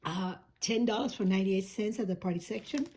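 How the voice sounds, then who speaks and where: A woman with a hoarse, slightly strained voice talks casually through an unboxing. She rambles and corrects herself as she goes, with her pitch at an ordinary middle height. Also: brisk, dark tone. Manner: rambling, self-correcting, chatty. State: hoarse, coughing. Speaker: shoebox-packing vlogger.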